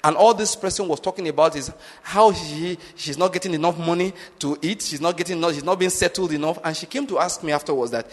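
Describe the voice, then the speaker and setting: A male pastor preaching with insistent emphasis, often pausing to ask whether the congregation is following. His voice sits a little high for a man. The sound carries a long, hall-like reverb. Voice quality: emphatic, drives points home with repeated check-in questions. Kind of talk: sermon.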